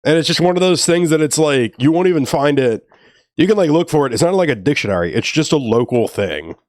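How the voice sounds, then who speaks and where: A man's voice: a little high, expressive, fairly quick, a little mellow, no room sound, clean studio sound. A man from New Orleans chatting casually on a stream, rambling and laughing often as he tells stories. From New Orleans, Louisiana. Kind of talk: casual chat.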